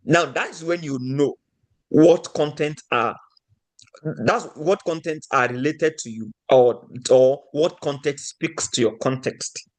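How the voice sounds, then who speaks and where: A man's voice: a little high, takes it slowly. A man from Nigeria giving a motivational teaching talk, often putting rhetorical questions to his audience.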